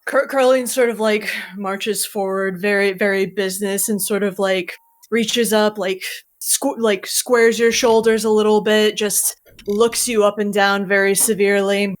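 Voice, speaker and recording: Slow-talking woman scolding in role-play. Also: medium pitch, fairly even intonation. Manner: stern, profane scolding in character. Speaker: player voicing Curling. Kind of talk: tabletop role-play narration and dialogue.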